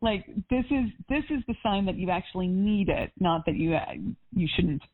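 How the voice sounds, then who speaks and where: A woman life coach talks with a client on a call, upbeat and encouraging, with a spiritual bent. Her voice sits at an ordinary pitch for a woman. It comes through thin and tinny, like a phone line. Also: expressive, moderate pace.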